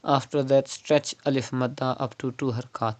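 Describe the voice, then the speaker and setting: A man teaching Quran recitation online, explaining pronunciation rules step by step and repeating words slowly as examples. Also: medium pitch, fairly even intonation. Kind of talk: online tajweed lesson.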